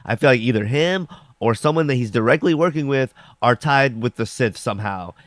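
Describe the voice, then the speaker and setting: Talking fairly quickly with lively intonation at a medium pitch, a young man rambles through a casual TV episode review. He leans heavily on fillers like "like" and voices the characters' lines, all in a dry recording.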